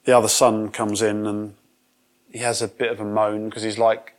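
A man's voice: on the low side, level tone, moderate pace. A man giving a conversational sermon, acting out quoted voices as he retells a parable. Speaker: preacher.

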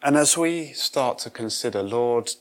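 A man's voice: mid-range voice, expressive, measured pace. A man giving a conversational sermon, acting out quoted voices as he retells a parable. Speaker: preacher.

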